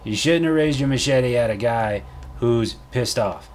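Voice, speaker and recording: A man's voice: mid-range voice, unhurried, a little mellow, slight background noise. A man ranting and swearing through a let's play commentary. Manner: salty, swearing, ranting at the game. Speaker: gaming YouTuber.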